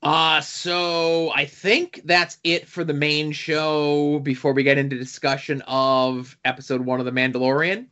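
Bright-voiced man, casual podcast host. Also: fairly high pitch, level tone, a little slow, few pauses, dull audio. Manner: rambling, with many fillers and asides.

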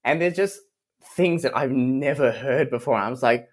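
A young Australian man from Western Australia, a copywriter chatting as a podcast guest, animated and jumping up in pitch when he quotes people. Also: fairly quick. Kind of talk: casual interview chat.

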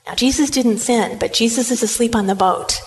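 Lively woman preaching a sermon. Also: fairly high pitch, a little fast, slight background noise. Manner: lively retelling, addresses the congregation directly.

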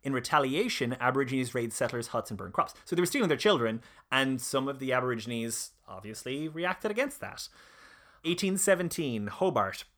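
Man, mid-pitch, casual podcast presenter, halting delivery full of ums and restarts. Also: animated, fairly bright tone. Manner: hesitant, many fillers and restarts. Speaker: presenter of a history discussion.

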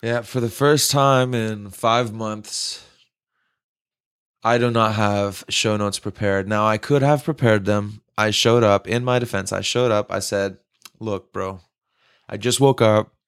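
A man's voice: fairly low pitch, fairly even intonation, measured pace, fairly bright tone, clear, resonant tone. A man co-hosting a podcast in casual, crude banter, teasing and laughing often. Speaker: podcast co-host.

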